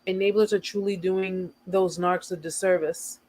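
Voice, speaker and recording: A woman's voice: fairly low pitch, fairly even intonation, normal speed, a little mellow, low-quality recording. Emphatic American woman hosting a livestream. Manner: earnest, emphatic, repeats points for stress. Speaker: host of a survivor support livestream. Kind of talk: casual livestream talk.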